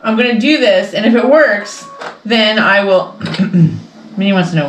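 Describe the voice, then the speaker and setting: Woman, quilting vlog host, casual rambling chat, mid-pitched voice, roomy home sewing room. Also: animated, unhurried, slight background noise. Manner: chatty and rambling, with frequent laughs. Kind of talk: casual sew-along chat.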